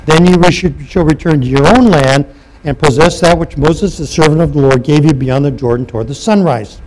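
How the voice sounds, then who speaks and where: A man's voice: on the high side, moderate pace, darkish tone, poor audio. A man preaching a sermon, reading scripture aloud and asking his listeners questions. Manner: reads scripture aloud and comments, asks the congregation questions. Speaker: pastor.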